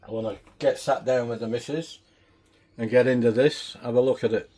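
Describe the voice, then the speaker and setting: Rambling home cook, male, warm mellow tone, easygoing vlogger chat. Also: medium pitch, steady tone, fairly quick. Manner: rambling, chatty and down to earth. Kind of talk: casual chat.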